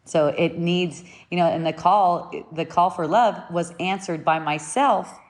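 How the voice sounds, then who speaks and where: A woman giving a spiritual teaching talk in an unhurried, reflective way, often repeating and rephrasing her points, at times pressing them home with short emphatic commands. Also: fairly low pitch.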